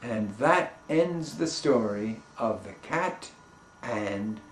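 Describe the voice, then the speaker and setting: A man who works as a storyteller, narrating a children's folk tale in a playful, expressive way. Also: medium pitch, takes it slowly, a little hiss or hum. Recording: roomy echo.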